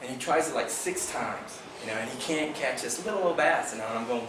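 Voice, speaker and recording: Animated man telling a fishing story. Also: medium pitch, moderate pace. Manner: animated storyteller acting out quotes. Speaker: fishing team member recapping a tournament. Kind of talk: storytelling to a club meeting. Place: club meeting room. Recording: echoey room from far off, noisy.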